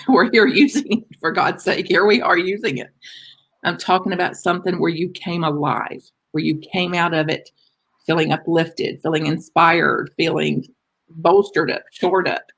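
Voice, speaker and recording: A middle-aged woman delivering a sermon in an easy, conversational way. Her voice sits fairly low for a woman, and she leans into key words with lively emphasis, then eases back into gentle reflection. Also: breathy edge, rough recording. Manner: conversational, warm-hearted preaching with lively emphasis. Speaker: minister.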